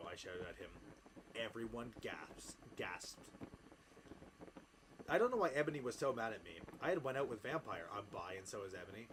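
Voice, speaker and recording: A man doing a comedic deadpan reading of fanfiction aloud, with laughing asides. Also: lowish voice, moderate pace. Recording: noisy background ambience.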